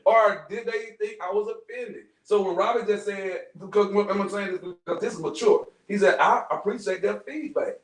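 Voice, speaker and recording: A middle-aged man hosting a casual group podcast, animated and joking. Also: high-pitched, moderate pace, few pauses. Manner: animated, joking, slips into quoted voices. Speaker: podcast host. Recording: echoey room, far from the mic.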